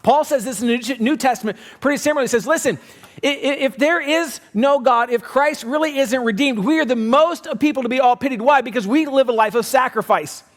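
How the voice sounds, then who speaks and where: A man delivers a sermon with a fairly high voice. He preaches in an animated, conversational way, acting out quoted voices and swinging between loud emphasis and quiet, low lines. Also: a little fast. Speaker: pastor.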